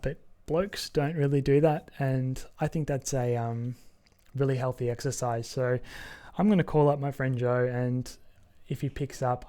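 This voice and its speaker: A man hosting his own podcast, talking earnestly and haltingly with many pauses and ums. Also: mid-range voice, dark tone. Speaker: podcast host. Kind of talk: casual solo podcast talk.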